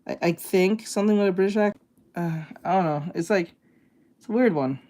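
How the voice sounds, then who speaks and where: A man's voice: high voice, fairly quick, a little mellow. A man streaming live, chatting casually with viewers in a rambling, hesitant way, full of fillers and restarts. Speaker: art streamer reacting to videos.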